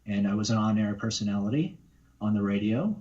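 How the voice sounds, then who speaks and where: A man's voice: on the low side, brisk, mellow, dull audio. A man, a voice actor, talking casually in an interview, rambling with many fillers and restarts. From Canada. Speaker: guest voice actor.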